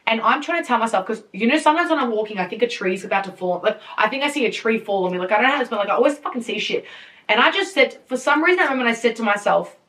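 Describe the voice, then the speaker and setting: A young woman hosting a podcast tells a story casually and with animation, full of fillers, swearing and laughter. Her voice is fairly high and fast, and she sits far from the podcast mic.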